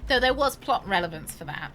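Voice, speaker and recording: A woman's voice: mid-range voice, big pitch swings, a little fast, fairly bright tone, faint music behind. A woman, chatting casually and thinking aloud while streaming a video game. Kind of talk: casual gameplay commentary.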